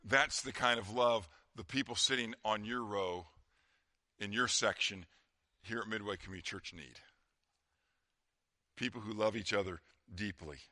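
Pastor guy preaching, really bright clear voice, dry close sound, goes quiet to make a point. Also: on the low side, normal speed, pauses often, dry recording. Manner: conversational preaching, drops to quiet emphasis. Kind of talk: sermon.

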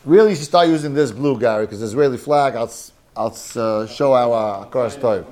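Teaching a spirited Talmud lesson, this man speaks briskly in a mid-range voice. He sprinkles in Hebrew and Yiddish terms and trades jokes with the class.

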